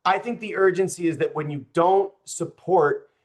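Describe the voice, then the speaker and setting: A young man running for office addresses a group directly in a high voice at normal speed. His campaign speech carries passion along with open frustration.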